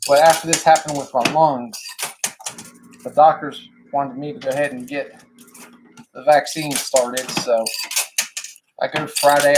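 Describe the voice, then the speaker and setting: Over background noise, a live-stream host with a medium-pitched voice talks easily with his audience, calling out viewers by name. He sounds a bit winded and laughs frequently.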